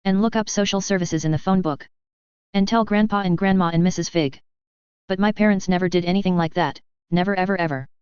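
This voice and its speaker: Young boy, sharp and prickly, voiced by a woman, lowish clear voice, dry dull recording. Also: fairly quick, no room sound, close to an everyday voice. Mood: furious. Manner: argumentative, lecturing, rising to shouting fury. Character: an eleven-year-old boy, clever and proud, quick to anger.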